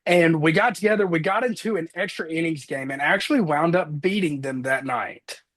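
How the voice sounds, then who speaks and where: A man in his thirties giving an earnest motivational talk, energetic as he tells personal stories on a call. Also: a little high, normal speed. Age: 30s. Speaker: motivational speaker.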